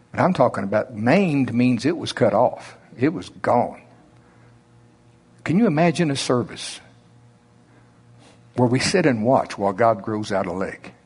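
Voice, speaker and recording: A man with an Oklahoma accent preaching a sermon in a slow drawl, with emphatic rises and drops. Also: medium pitch, darkish tone, husky.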